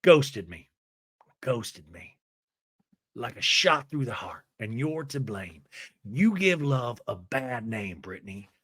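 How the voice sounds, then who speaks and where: A man voicing a smooth, gum-chewing, manipulative ex-boyfriend in a low, hushed crooning voice. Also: big pitch swings, slow, dry recording, clean studio sound, exaggerated voice. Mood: wounded crooning.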